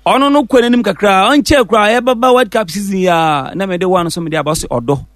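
A man with a Ghanaian accent, a musician guest telling the story of his songs in a relaxed, casual interview. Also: sits high, brisk, dry recording, clean studio sound. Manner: relaxed storytelling, mixing English and Fante.

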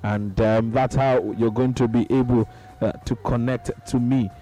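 A man's voice: mid-range voice, fairly even intonation, measured pace, mellow, rough recording. A man with a Nigerian accent hosting a radio call-in show, jovial, laughing often and slipping into Pidgin as he reads messages. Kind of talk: casual call-in radio chat. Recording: radio broadcast with faint music.

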